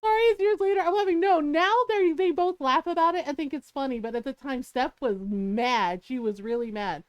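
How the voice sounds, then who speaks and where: A middle-aged woman with a very high voice tells a family story to her stream, laughing as she goes and acting out each person she quotes. The sound is dry and close, with no room around it. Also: brisk, no echo, lo-fi sound. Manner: laughs often and acts out the people she quotes. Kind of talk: casual storytelling on a live stream.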